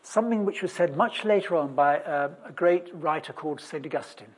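A preacher with a husky, breathy tone and a middle-range voice delivers a chatty sermon. The delivery is humorous, full of wry asides and questions to the congregation. It is punctuated by restarts and sudden loud bursts of emphasis. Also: mid-range voice, fairly quick. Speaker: preacher in a church service.

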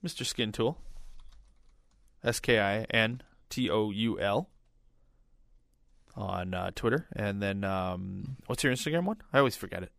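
A man's voice: fairly low pitch, unhurried, gravelly, long pauses, fairly bright tone, no room sound, clean studio sound. A man co-hosting a casual podcast, rambling with lots of "like" fillers. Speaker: podcast co-host. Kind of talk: casual chat.

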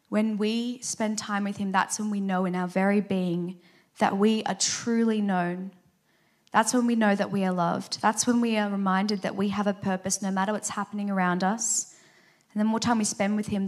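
A woman giving a devotional talk, earnest and gentle, who tells a children's story and ends in prayer. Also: medium pitch.

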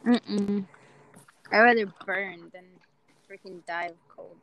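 A woman's voice: medium pitch, fairly even intonation, slow, dull audio. Playful blunt young woman guest. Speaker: guest, streamer. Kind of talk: casual podcast chat.

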